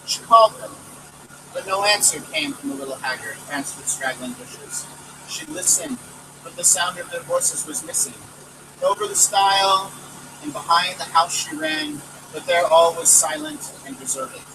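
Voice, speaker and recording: A man reading a story aloud in a lively, expressive way, recorded outdoors from a distance with street traffic behind. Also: high-pitched, normal speed. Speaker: volunteer reader. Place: outdoors near a city hall.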